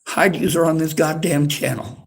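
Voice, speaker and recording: A man's voice: a little high, fairly even intonation, moderate pace, vocal fry. A worked-up man streaming from a library, repeating himself in an angry, profane rant at his chat. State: agitated, worked up.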